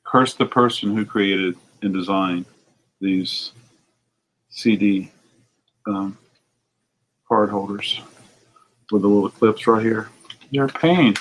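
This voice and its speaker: A record store owner from the United States inspects used CDs on camera, chatting loosely to his audience and mumbling to himself as he goes. He speaks slowly with a fairly low pitch and pauses often, and the recording is rough.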